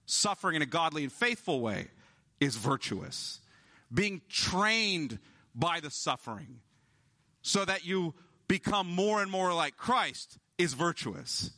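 Guy preaching a sermon, kinda high voice, bright and pushy tone, leans hard on the big words. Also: big pitch swings. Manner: emphatic preaching, slowing down to stress key words. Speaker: pastor.

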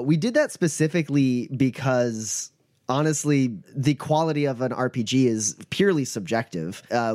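A man's voice: medium pitch, a little mellow. A man hosting a tabletop game podcast, chatting casually with many fillers. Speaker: podcast host and game master.

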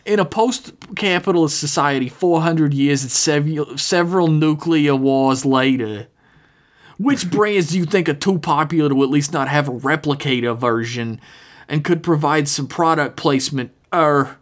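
A man's voice: a little high, moderate pace, natural voice. Man doing a rowdy Boston-accented fan. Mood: jokey. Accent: put-on Boston. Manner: jokey and boisterous, reading a letter aloud. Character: rowdy male listener, jokey local sports fan. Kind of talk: reading a listener email in a put-on voice.

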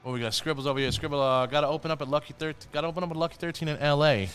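Man, slightly higher voice, slangy profane podcast host, bro-talk. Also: steady tone, very fast, a bit bright, smooth, faint music behind. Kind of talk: casual podcast chat.

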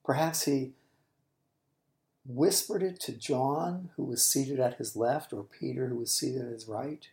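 A Bible teaching podcast host explains scripture unhurriedly and thoughtfully in a creaky, mid-range, darkish voice, dropping to a whisper for quoted lines. The room is echoey.

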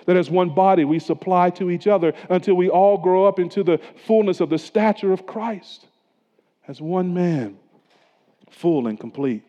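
A male pastor preaching a sermon earnestly, dropping to a hush at solemn moments and rising for emphasis. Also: high-pitched, moderate pace. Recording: echoey church hall, dull lo-fi sound.

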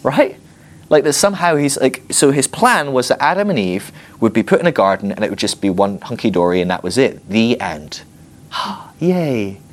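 A man teaching a Bible class in a playful, animated way, acting out little scenes with humor. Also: medium pitch, brisk.

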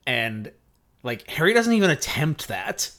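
A man co-hosting a podcast, discussing a book in a measured, analytical way. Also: fairly high pitch, big pitch swings, a bit bright. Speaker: podcast co-host.

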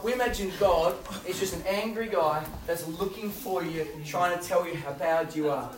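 A man preaching a youth sermon, telling stories with swings from loud to hushed. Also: high voice, fairly quick, few pauses. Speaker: youth pastor. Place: youth hall. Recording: roomy hall, voice from far off.

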